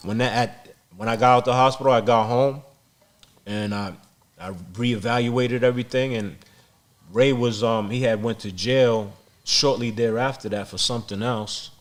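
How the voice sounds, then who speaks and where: A man's voice: medium pitch, normal speed. Blunt, profane middle-aged man storyteller. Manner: blunt, profane, repeats words when excited. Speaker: podcast guest. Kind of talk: street storytelling interview.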